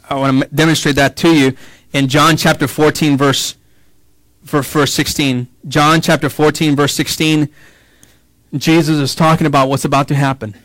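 Preaching man, higher voice, dry sound. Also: no room sound, poor audio. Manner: swings from quiet, slow emphasis to rising, excited preaching; casual asides and repeated words for emphasis. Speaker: pastor. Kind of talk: sermon.

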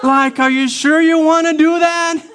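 A man voicing God as a fond, exasperated father teasing a wayward child, in a high, laughing scolding voice. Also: steady tone, moderate pace, fairly bright tone.

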